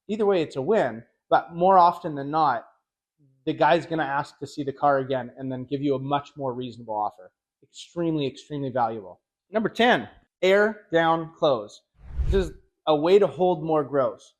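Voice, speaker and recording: A middle-aged man with a slightly raised pitch teaches car sales in a casual, lively way. He tells stories and acts out dealership dialogue as he goes. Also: normal speed. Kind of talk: casual instructional talk.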